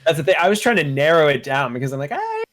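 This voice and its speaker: A man's voice: on the high side, lively intonation, racing, a bit bright. A man on a game master panel, speaking thoughtfully and questioning the terms of the discussion. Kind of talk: casual panel chat.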